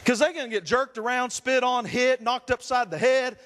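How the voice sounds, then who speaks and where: A man's voice: very high-pitched, fairly even intonation, normal speed, a bit bright, big-room sound. A man, a Pentecostal pastor, preaching a fervent sermon with repeated refrains. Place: church sanctuary.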